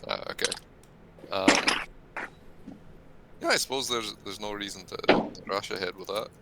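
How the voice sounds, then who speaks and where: A man's voice: lowish voice, normal speed, vocal fry, very noisy. A man playing a tabletop game, chatting loosely with swearing and restarts. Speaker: player. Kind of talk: casual tabletop game chat.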